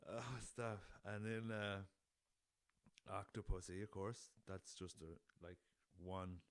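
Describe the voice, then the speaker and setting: Young Irish male podcast host, deep voice, loose and jokey, swears a lot, dry recording. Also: steady tone, takes it slowly, clean tone, dry recording. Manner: laughing at his own jokes, swears freely, rambling. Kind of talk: casual solo podcast chat.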